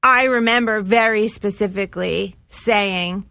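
A woman's voice: mid-range voice, a little slow, fairly bright tone, no echo. A woman from New Jersey, a guest chatting in a laid-back way and telling stories. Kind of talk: casual storytelling.

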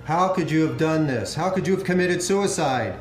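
A man imitating a male film hero, speaking in a flat, wooden monotone. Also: fairly high pitch, normal speed, reverberant, loud music behind the voice, lightly acted.

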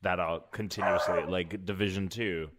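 Low-voiced, laughing podcast co-host. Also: male voice, fairly even intonation, moderate pace, background noise. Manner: laughs often, trails off mid-sentence. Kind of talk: casual chat.

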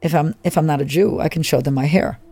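A middle-aged woman telling a personal story in a halting, emotional way, often repeating herself. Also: low-pitched, dark tone. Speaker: interviewee. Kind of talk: personal testimony.

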